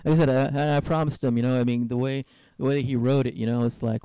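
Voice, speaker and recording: A man's voice: mid-range voice, steady tone, fast, mellow, smooth, dry recording. A man hosting a podcast interview, chatting casually and rambling with many fillers and restarts. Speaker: podcast host.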